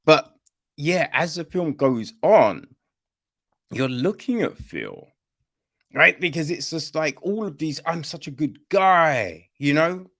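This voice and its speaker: Slow-talking, lively man reviewing a play. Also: a little high. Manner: conversational, keeps asking "right?" and "you know?"; apologizes to listeners after a coughing fit. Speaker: podcast host reviewing a play. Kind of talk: casual spoken review.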